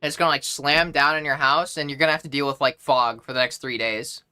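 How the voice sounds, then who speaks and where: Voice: mid-range voice, fairly even intonation, fast, pushed and bright, smooth. A young adult streamer casually chatting with a live audience, playful, profane and mock-indignant. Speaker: livestreamer reading chat.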